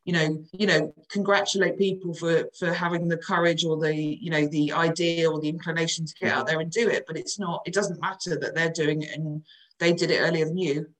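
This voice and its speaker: A woman's voice: low-pitched, fairly quick, poor audio. A woman, chatting frankly as a coach on a podcast. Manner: chatty, frank, lively storytelling. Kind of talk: casual podcast chat.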